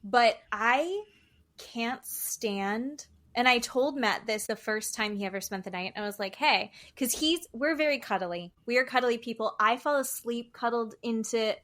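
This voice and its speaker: A woman with a fairly high voice co-hosts a casual podcast, recapping a show with lots of energy. She slips into other people's lines, swears freely and laughs as she tells the story. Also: measured pace. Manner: animated, acts out quotes with swearing and laughter. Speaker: podcast co-host.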